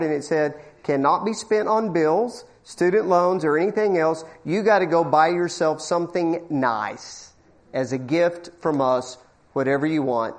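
A middle-aged man preaching a sermon, telling a folksy personal story and acting out the people in it. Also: high voice. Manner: folksy storytelling with acted-out quotes and asides.

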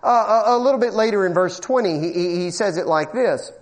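A man preaching a sermon in church to a congregation. He asks the room questions, repeats words as he builds, and swings between loud bursts and low, quiet passages. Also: brisk. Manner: animated, call-and-response questions, stammering repeats. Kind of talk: evangelical sermon.

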